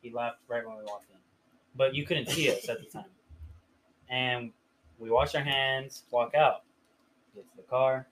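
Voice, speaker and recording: A man's voice: medium pitch, steady tone, unhurried, long pauses, a bit bright, low-quality recording. A young man from the Riverside area, telling a story in a casual, profane podcast chat full of filler words. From Riverside area, California. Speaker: podcast host.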